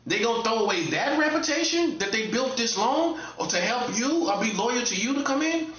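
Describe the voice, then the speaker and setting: A high-voiced man delivers a casual monologue with a bright, forceful edge. He lectures the listener, repeating himself for emphasis. The recording sounds roomy and a little dull. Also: lively intonation, moderate pace. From North Carolina. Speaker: online commentator.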